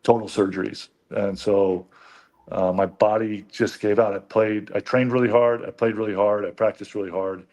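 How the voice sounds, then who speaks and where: Low-voiced, chatty former football lineman. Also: fairly even intonation, moderate pace, darkish tone. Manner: storytelling, chatty with many fillers. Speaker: guest, former pro football lineman turned coach. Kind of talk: casual interview talk.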